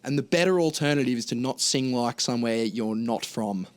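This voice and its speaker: Australian male guest singer, mid-pitched, blunt and candid. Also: fairly quick. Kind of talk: casual chat.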